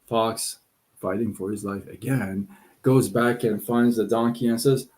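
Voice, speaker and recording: A man's voice: on the low side, a little slow. A man hosting a live stream, chatting casually with viewers and telling a story. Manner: relaxed, chatty, many fillers and restarts.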